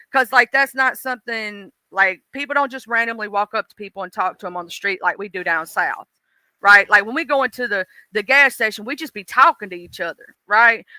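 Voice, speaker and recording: A woman's voice: mid-range voice, bright, forceful tone, no echo, rough recording. A woman from Mississippi with a Southern accent, chatting casually and folksily on her livestream, swearing freely and laughing often. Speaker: livestream host. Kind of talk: casual chat.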